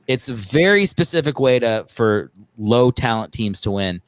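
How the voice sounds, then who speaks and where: Comedian dude rambling sarcastic, lots of likes, dry close sound. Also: male voice, mid-range voice, lively intonation, moderate pace, no echo. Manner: rambling, sarcastic, full of fillers. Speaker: podcast guest, comedian. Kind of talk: casual podcast chat.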